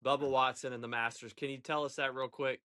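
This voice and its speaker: A man hosting a podcast, relaxed as he prompts his guest to tell a story. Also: medium pitch, fast. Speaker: podcast host. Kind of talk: casual interview chat.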